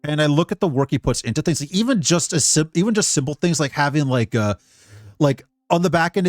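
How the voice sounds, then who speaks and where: A man's voice: on the high side, no echo, studio quality. A Scottish man giving casual live-stream commentary, rambling and profane, with many restarts.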